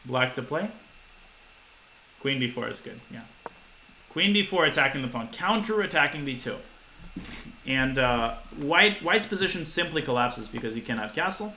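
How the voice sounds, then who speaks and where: A man in his twenties giving a live-streamed chess lesson, talking fast to his viewers and thinking aloud. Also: medium pitch, animated, sharp tone, slight background noise, low-quality recording. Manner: quick, talks to chat, thinks aloud with restarts.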